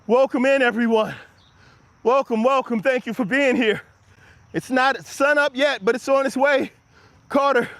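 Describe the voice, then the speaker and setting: A man's voice: very high voice, a bit bright, no echo. A man hosting a live motivational walk-and-talk, slightly out of breath from walking outdoors and energetically encouraging his viewers and answering their comments. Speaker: motivational livestream host. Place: outdoors on an early-morning walk. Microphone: handheld camera while walking.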